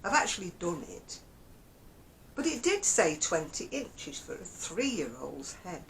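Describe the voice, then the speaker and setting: A crochet vlogger from Oldham, England, chats to camera in a Northern English Lancashire accent, rambling along and often letting out small chuckles. Her sing-song, fairly bright voice moves at a measured pace with big rises and falls in pitch. The audio is poor, with a faint low rumble behind her.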